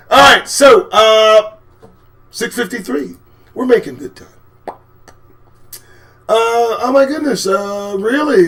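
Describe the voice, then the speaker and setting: A man hosting a live commentary show, talking in a sarcastic, profane way and swinging from low mutters to sudden shouts. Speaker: host.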